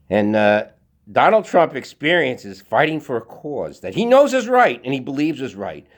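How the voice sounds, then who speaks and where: A man giving a rambling casual monologue from his home garage while working out, with many fillers. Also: a little high. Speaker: vlogger.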